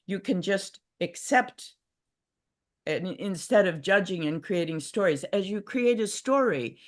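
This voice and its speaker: An older woman giving a gentle, reflective talk on a livestream video call, with frequent restarts. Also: mid-range voice, animated, a little slow. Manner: reflective, gentle, many restarts and acted inner voices. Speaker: workshop speaker. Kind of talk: casual teaching talk. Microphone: video call mic.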